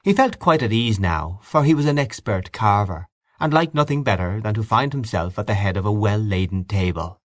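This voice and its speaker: A man narrates a literary story in a measured, expressive reading. His voice sits low but moves with lively intonation. The recording is close and dry with no room sound. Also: dry recording. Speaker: audiobook narrator.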